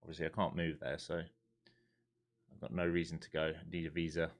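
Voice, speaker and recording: A laid-back man with a London accent talks loosely on a live trading stream. His voice sits very low and deep. He speaks bluntly and chattily, with the odd swear word. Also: little pitch movement, brisk, gravelly. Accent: London English. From London, England. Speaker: live-streaming day trader. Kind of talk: casual live-stream chat and market commentary.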